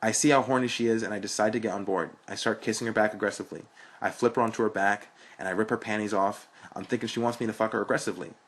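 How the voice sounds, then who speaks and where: A man's voice: on the low side, steady tone, rapid-fire. A young man reading a story aloud in a frank, blunt, profane way. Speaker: narrator.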